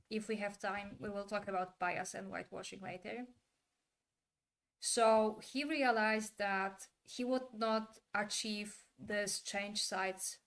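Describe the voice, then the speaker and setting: A woman talks to her stream chat in a loose, casual way, and her voice sits at a middling pitch. She is opinionated and blunt and drops in the occasional swear word. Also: fairly bright tone. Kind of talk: casual livestream commentary.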